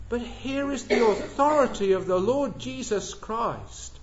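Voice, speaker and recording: A man preaching a sermon in a church hall, swelling loud on key words and dropping low and soft between them. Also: animated, moderate pace, few pauses, slight background noise. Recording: echoey hall, dull lo-fi sound.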